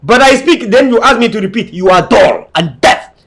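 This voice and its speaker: High-voiced man lecturing emphatically. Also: expressive, normal speed, fairly bright tone, husky. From Cameroon. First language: not English. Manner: emphatic, repetitive, preaching. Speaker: online commentator. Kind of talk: lecturing monologue to viewers.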